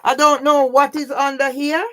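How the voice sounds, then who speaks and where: A woman's voice: sits high, level tone, moderate pace, a bit bright. A woman talking straight to her own camera in an emotional vlog, agitated, swearing a lot and often tossing in a questioning "yeah?". She sounds sleepless and overwrought. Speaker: vlogger. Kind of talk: emotional personal vlog monologue.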